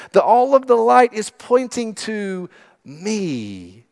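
A man preaching a sermon as pastor, emphatic and sometimes dropping to a hush. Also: high-pitched, lively intonation, unhurried, gravelly. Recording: long hall reverb.

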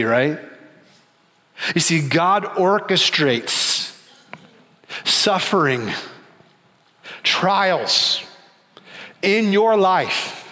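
Dramatic preacher in a reverberant hall. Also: male voice, fairly high pitch, sharp tone. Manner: dramatic, rising and falling delivery, slows for emphasis. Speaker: pastor. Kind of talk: sermon.

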